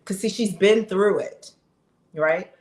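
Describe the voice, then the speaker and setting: Speaking slowly in a mid-range, darkish voice, this fifty-something woman vlogger addresses her audience directly. She's chatty, sincere and emphatic in a casual way, and the recording carries a roomy echo.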